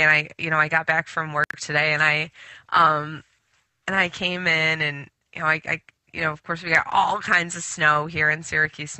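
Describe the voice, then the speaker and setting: Bright-voiced woman rambling on radio. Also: low voice, dry recording. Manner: rambling storytelling with many fillers. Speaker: radio show host. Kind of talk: spiritual talk radio monologue.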